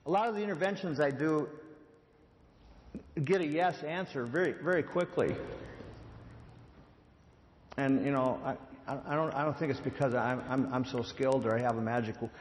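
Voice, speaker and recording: A man's voice: mid-range voice, moderate pace, long pauses, a little hiss or hum. A man giving a conversational sermon, telling a story about an intervention and acting out the quotes. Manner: conversational, repeats words, acts out quotes. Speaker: speaker on addiction and grace. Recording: long hall reverb.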